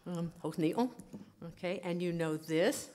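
A woman linguist giving a lively conference talk, often checking in with her audience. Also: fairly low pitch, slow. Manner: lively, animated teaching with many "okay?" check-ins. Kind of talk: lecture at a language conference. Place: conference hall.

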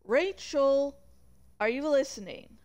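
A woman voicing a droning, fussy middle-aged male vice principal in a lowered voice, reading a book aloud. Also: lively intonation, takes it slowly, darkish tone. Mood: concerned.

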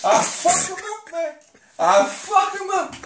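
A man playing a snarling gangster boss who growls out threats and builds to shouting. His voice swings widely in pitch. It sounds echoey, with noise behind it. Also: big pitch swings, measured pace, creaky, far from the mic, heavily acted. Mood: menacing. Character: menacing gangster boss, Tony Montana impression. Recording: echoey room with background noise.

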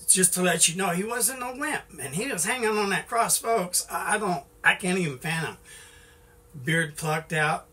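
A man's voice: on the high side, sharp tone, recorded from a distance. A middle-aged man giving an informal sermon in a folksy way, with many "you know"s and restarts. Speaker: preacher.

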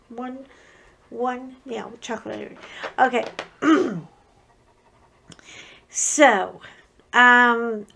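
Middle-aged woman, home craft vlogger, unhurried rambling chat, slightly high voice. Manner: chatty, joking, digressive with frequent restarts. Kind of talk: casual unboxing chat.

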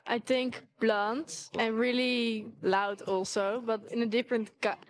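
A Dutch woman with a fairly high voice answers interview questions in non-native English. She pauses and searches for words, sometimes slipping back toward Dutch. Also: level tone. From Netherlands. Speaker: street interviewee.

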